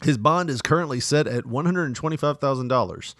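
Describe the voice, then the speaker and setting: Lively laughing male podcast co-host. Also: medium pitch, quick pace, no room sound, studio quality. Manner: laughs often, reads news stories aloud with jokes. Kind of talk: casual podcast banter.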